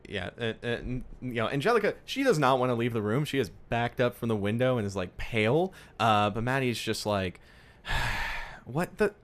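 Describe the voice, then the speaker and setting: A man narrating as game master of a tabletop game, with many pauses and fillers. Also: medium pitch, lively intonation. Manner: hesitant, filler-heavy narration.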